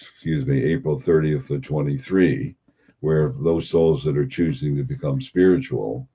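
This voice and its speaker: A man giving an unhurried spiritual talk as a teacher, posing and repeating rhetorical questions. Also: extremely low pitch, dark tone, breathy edge. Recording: dull lo-fi recording.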